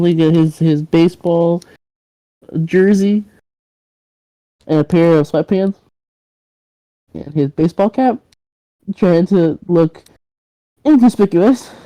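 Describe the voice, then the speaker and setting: Low, mellow-voiced woman game master. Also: a little slow, long pauses, no room sound, poor audio. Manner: casual, rambling, with fillers and laughs. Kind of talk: narrating a tabletop game.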